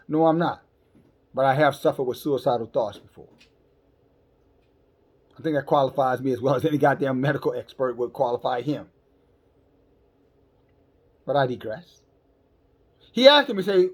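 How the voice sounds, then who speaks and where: A man's voice: medium pitch, lively intonation, moderate pace, pauses often. A man preaching a sermon in a blunt, emphatic, scolding way, often repeating words as he stumbles. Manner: scolding, calls listeners sisters and brothers.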